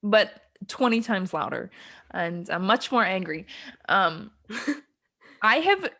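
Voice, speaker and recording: A young woman co-hosting a podcast, her voice sitting at an ordinary middle pitch. She talks in a loose, rambling way, filling gaps with ums and breaking into giggles as she recaps scenes. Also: big pitch swings, slow, vocal fry, a bit bright. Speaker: podcast co-host. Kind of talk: casual chat.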